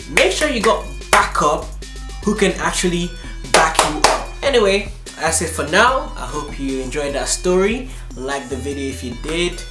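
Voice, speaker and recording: A man from Nigeria tells a school story for his vlog in loose, slang-heavy talk. His voice sounds roomy, and music plays behind it throughout. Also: on the high side. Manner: casual, animated, lots of slang and fillers. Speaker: vlogger.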